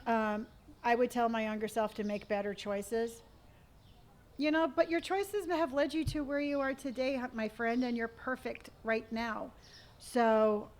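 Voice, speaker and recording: A middle-aged woman on a live stream, talking easily to her viewers in a slightly high voice. She reads out their comments and answers each one warmly and gently, calling people honey as she goes. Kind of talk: casual live-stream chat.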